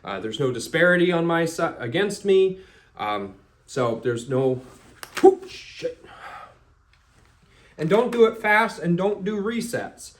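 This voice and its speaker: A man's voice: fairly high pitch, sing-song, moderate pace. A man teaching as a firearms instructor in a loose, casual talk, blunt and a little profane, acting out little scenes as he goes. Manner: blunt, profane, acts out scenarios.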